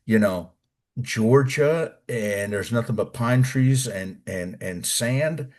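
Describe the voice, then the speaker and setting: Speaking slowly and a bit mellow, this middle-aged American interview guest, once an Army Ranger, recounts basic training with profanity and acted-out quotes. His mid-range delivery stays animated throughout the casual, colorful tales.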